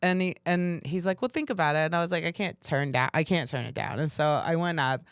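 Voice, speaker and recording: Woman comedian, interview guest; animated storyteller who laughs a lot, dry close sound. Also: low voice, a little fast, clear, resonant tone, dry recording. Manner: animated storyteller, laughs often, acts out dialogue. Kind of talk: casual interview chat.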